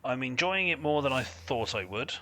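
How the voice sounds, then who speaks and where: A man appearing as a podcast guest in casual chat, making dry, deadpan quips. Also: mid-range voice, normal speed.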